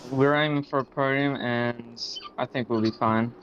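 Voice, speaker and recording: A man's voice: medium pitch, steady tone, moderate pace, dull audio, noisy background. A teenage boy, a sim racing driver, giving brief, hesitant answers with ums in an interview. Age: teens.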